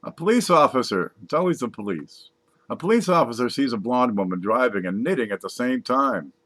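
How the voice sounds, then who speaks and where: A man's voice: mid-range voice, expressive, brisk, a bit bright. A man casually reading jokes aloud, laughing at his own punchlines and adding wry asides. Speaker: comedy joke reader.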